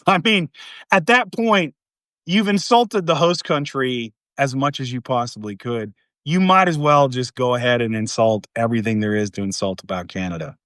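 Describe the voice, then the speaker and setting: A man's voice: medium pitch, moderate pace, fairly bright tone, no echo, studio quality. A man hosting casual political commentary, rambling and sarcastic, with many fillers and restarts.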